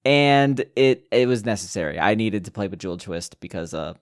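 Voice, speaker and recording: A young man co-hosting a casual gaming podcast, talking in an animated, rambling way with many restarts and fillers. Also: lowish voice, fairly quick. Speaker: podcast co-host. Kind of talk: casual chat.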